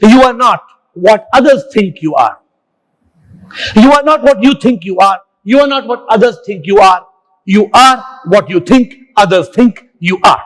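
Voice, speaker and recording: Guy preaching slow and punchy, lots of repeating and wordplay, highish voice. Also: lively intonation, a bit bright, low-quality recording. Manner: repetitive, punchy wordplay and acronyms. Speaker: guest speaker on the mind and life. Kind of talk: emphatic motivational talk.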